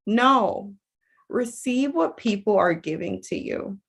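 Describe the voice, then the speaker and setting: A woman's voice: fairly high pitch, a little slow. A woman coach talking casually to viewers in a rambling, chatty way, full of fillers and restarts. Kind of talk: casual livestream talk.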